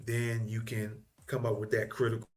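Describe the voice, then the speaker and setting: A man's voice: lowish voice, completely flat delivery, normal speed, darkish tone. Casual man reacting on a live podcast. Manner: chatty, repetitive, thinking aloud. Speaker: podcast host.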